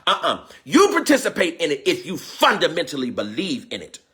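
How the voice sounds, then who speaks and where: A man's voice: on the high side, huge pitch swings, a little fast, sharp tone. A man preaching a livestream sermon, fervent and emotional, repeating phrases, crying out, and calling to viewers by name. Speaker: preacher and teacher hosting a livestream. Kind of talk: call-and-response livestream sermon.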